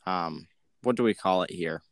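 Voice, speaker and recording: A man's voice: low-pitched, normal speed, creaky, no echo. Joking young man, dry close sound. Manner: joking, playful. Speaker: podcast co-host. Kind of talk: casual chat.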